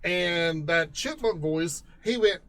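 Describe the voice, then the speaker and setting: A man hosts a casual talk show about gaming and asks his guest questions. His voice sits a little high, and he tells his own stories in a relaxed way, chuckling as he goes. A faint noise sits behind him. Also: slow pace. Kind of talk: casual interview.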